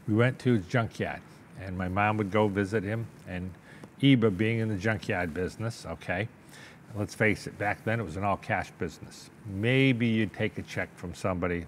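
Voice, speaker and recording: An older man, a business owner, tells a long, animated story in a sit-down interview, acting out the voices of the people involved and often checking in with "okay?". His voice is lowish, with slight background noise.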